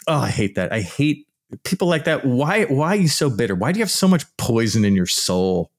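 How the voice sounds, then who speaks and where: A man's voice: lowish voice, sing-song, moderate pace. A man hosting a podcast, talking casually in an exasperated, emphatic and blunt way, with some swearing. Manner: mocks opponents in put-on voices. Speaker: podcast host. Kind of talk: casual ranting monologue.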